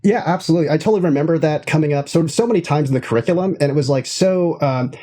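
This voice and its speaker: Guy hosting a podcast, talks fast and eager, kinda mellow voice. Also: a little high. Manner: eager, quick agreement. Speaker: podcast host. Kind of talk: casual interview chat.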